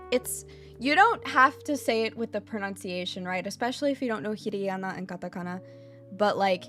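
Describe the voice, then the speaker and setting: A woman streaming a casual lesson, blunt and a bit profane, who repeats her points and keeps checking in with "okay?". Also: mid-range voice. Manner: repeats phrases for emphasis. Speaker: VTuber streamer teaching Japanese.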